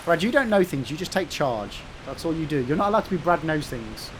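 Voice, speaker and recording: A man's voice: a little high, very animated, brisk, background noise. An English man doing live gameplay commentary, bantering and teasing with his chat, with sudden sweary outbursts at the game. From England. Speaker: gaming streamer.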